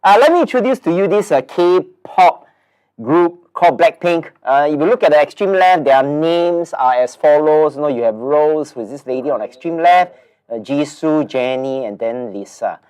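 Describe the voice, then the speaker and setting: A man's voice: a little high, lively intonation, normal speed, darkish tone, smooth. A man in his forties with a Singaporean English accent and a nasal, blocked-nose voice, hosting a casual webinar in a chatty, rambling way with many fillers and repeated words. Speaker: webinar host.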